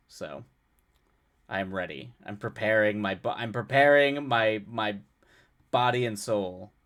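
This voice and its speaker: A man's voice: on the low side, a bit bright. A young man hosting a live stream, chatting casually with his viewers, rambling and self-mocking with frequent laughs and restarts. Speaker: livestream host. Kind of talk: casual chat with chat readers.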